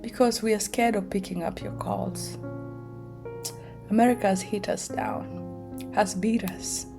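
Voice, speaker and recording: A woman's voice: mid-range voice, steady tone, unhurried, vocal fry, music in the background. A middle-aged woman from Kenya with a Kenyan accent, telling stories in a casual vlog, laughing often and acting out the voices she quotes. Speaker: vlogger. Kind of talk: casual storytelling monologue.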